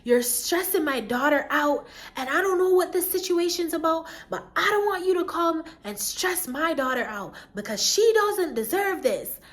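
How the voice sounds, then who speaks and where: A woman's voice: very high-pitched, animated, moderate pace, few pauses, voice pushed up. A woman voicing her friend's mother, a firm, protective middle-aged woman who scolds sternly.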